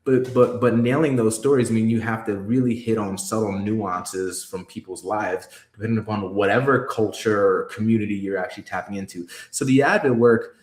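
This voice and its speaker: A man's voice: fairly low pitch, steady tone, normal speed, few pauses, echoey room. A man telling a personal story in a candid interview, emphatic and profane, restarting his sentences often. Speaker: guest, creative executive.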